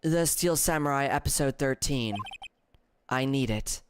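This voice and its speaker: Aloof heavy-lidded producer woman, man doing the voice, curt, flat delivery, mid-pitched. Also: unhurried, background noise, lightly acted.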